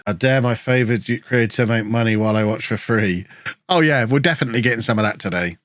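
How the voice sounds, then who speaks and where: A man live-streaming a football management game, chatting with viewers and reacting excitedly to the match. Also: mid-range voice, dry recording, studio quality. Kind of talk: casual live-stream commentary.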